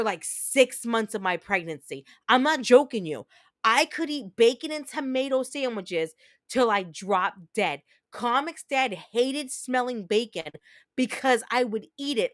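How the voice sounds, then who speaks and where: A woman's voice: on the high side, fairly bright tone, dry recording. A woman in her thirties from New Jersey, a game streamer telling rambling stories in casual chat, close to her mic. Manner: rambling, chatty storytelling with many restarts. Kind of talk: casual chat while gaming.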